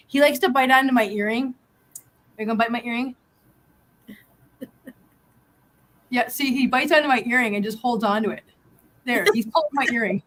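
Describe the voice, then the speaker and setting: A woman's voice: on the high side, lively intonation, brisk, long pauses, a bit bright. A woman hosting a casual live stream, chatting and cooing baby talk at her cats with frequent laughs. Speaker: host.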